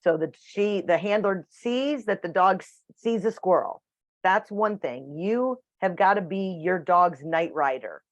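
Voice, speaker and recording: A woman's voice: lowish voice, a little slow, dry recording. A woman teaching a dog training class over a video call, chatty and matter-of-fact. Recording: dull dry video call audio.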